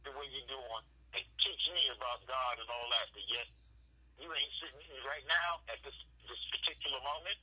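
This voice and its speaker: A man's voice: medium pitch, a little fast, crowd noise, rough recording. A man talking casually with his son, giving fatherly advice and acting out both sides of family arguments. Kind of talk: casual heart-to-heart talk.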